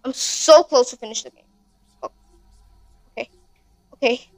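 A woman with a high voice commentates her own horror game run. She talks to her viewers in a panicky rush and swears constantly. It sounds like a desk mic while gaming. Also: normal speed, no room sound, studio quality. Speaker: gaming channel host.

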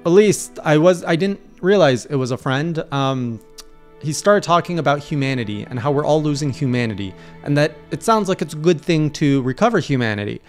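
Young man, casual video journal, lively storytelling, slightly high pitch, faint background music. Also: a little fast. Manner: animated storytelling, acting out his own panicked reactions. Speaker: streamer recapping his playthrough.

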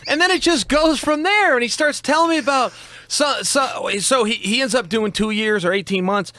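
A man as a podcast guest, telling a story in animated casual chat. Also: extremely high pitch, normal speed, a little hiss or hum.

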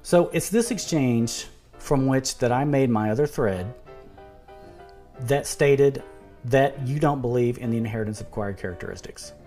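A man speaks in an argumentative video monologue at an ordinary middle pitch. He keeps restarting his words while he builds his point. A faint bed of music plays behind him. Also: moderate pace, mellow. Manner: repeats and restarts words, reads quotes aloud, sarcastic. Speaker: video commentator.

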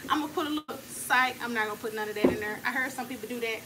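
Her speech racing along in a slightly high voice, a woman hosts a cooking vlog from her home kitchen, chatting playfully and directly with viewers. The recording is noisy, made at home.

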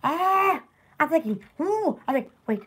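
Southern woman, store-owner live-stream chatter, very high voice, lively ups and downs, rambling and giggly. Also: normal speed. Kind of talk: casual live-stream chat.

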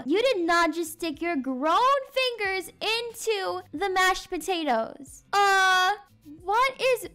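Young woman, very high voice, sassy, animated, game roleplay mom. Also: a little slow, faint music behind. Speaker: roleplay creator voicing a mom.

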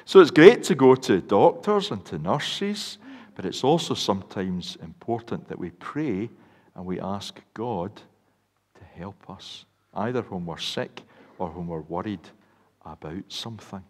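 A man's voice: lowish voice, animated, a little slow. An older Scottish man gives a children's talk from the front of a church, his voice rising and falling a lot as he tells stories and asks the children questions. A long reverb from the large church hangs after his words. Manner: warm storytelling to children, asks them questions. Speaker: minister.

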